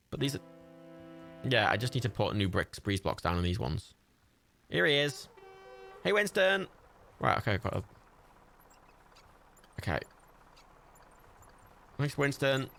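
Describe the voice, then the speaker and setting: Man, livestream gameplay commentary, gravelly voice, bright tone, sweary and excitable. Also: medium pitch, moderate pace, pauses often, faint music behind.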